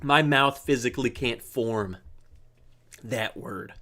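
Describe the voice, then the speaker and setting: Greeting viewers by name and joking through their comments, a livestream host keeps things casual. His medium-pitched voice is animated and sharp in tone, and his pace is measured.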